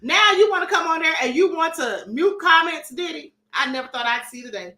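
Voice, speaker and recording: A woman's voice: high voice, expressive, a little fast, sharp tone, roomy sound. A woman hosting a live-stream commentary show, reading chat comments aloud in a sassy, defiant and emphatic way.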